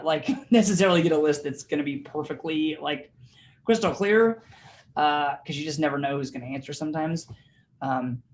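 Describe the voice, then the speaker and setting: A man leading a real estate training class in a casual, chatty way, with lots of fillers and laughs as he tells stories, heard over a video call. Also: fairly high pitch. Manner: chatty and informal, many fillers, laughs while telling stories. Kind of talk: casual teaching of a training session.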